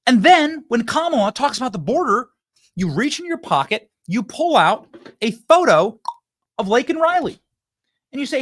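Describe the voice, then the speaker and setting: In an animated political monologue, a commentary host in his thirties repeats himself emphatically as he works up to punchy lines, rising almost to shouts when he acts out debate lines. His voice is extremely high and very animated, a little fast.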